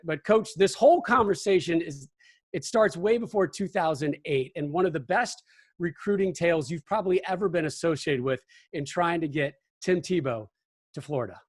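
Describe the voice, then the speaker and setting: A man's voice: fairly high pitch, no echo, clean studio sound. A man hosting a sports interview, opening the talk with upbeat broadcast delivery. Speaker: show host. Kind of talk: interview introduction.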